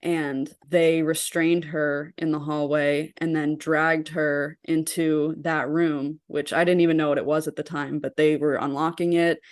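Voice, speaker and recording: A woman's voice: sits low, flat delivery, a little slow, hardly any pauses, no echo, studio quality. A young woman telling personal stories as an interview guest, earnest and full of casual fillers. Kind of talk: personal storytelling in a podcast interview.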